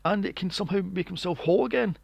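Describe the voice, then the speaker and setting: A man hosting a podcast, recapping a film in casual chat, animated and sweary, acting out scenes in mocking voices. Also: high voice, fast talker, vocal fry, no room sound. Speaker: podcast host. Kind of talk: casual movie review chat.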